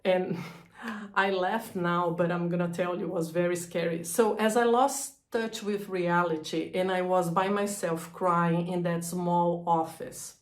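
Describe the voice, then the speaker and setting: A woman telling a personal story about a breakdown, halting and emotional, laughing through hard memories. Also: lowish voice, fairly even intonation, reverberant. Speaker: energy healer sharing her story.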